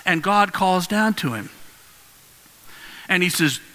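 Earnest male preacher, bright voice, conversational sermon, reverberant church. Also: sits high, takes it slowly. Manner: earnest, conversational, animated storytelling. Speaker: pastor. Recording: long hall reverb.

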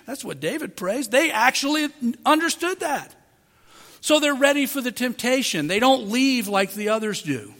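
A man with a high, bright voice delivers an emphatic sermon, pausing to ask the congregation questions. His words ring out through a large, reverberant hall. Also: animated. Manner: emphatic preaching with rhetorical questions to the listeners. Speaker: pastor.

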